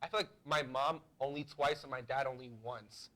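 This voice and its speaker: A man's voice: medium pitch, fairly even intonation, moderate pace, a bit bright. A man co-hosting a talk show, chiming in casually with short reactions and his own stories. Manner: laid-back, chimes in with short reactions. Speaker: co-host. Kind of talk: casual chat.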